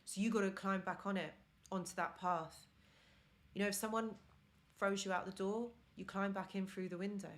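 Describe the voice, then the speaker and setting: Speaking at normal speed with a steady, mid-range voice, a live-stream host and relationship mentor addresses her viewers head-on. Her English carries a non-native accent, and her tone is sincere and supportive.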